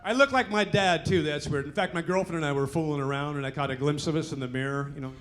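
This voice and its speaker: A man's voice: on the high side, fast, a bit bright. A man in his sixties doing a stand-up comedy set in a club, delivering punchy jokes with lots of "you know" tags. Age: 60s.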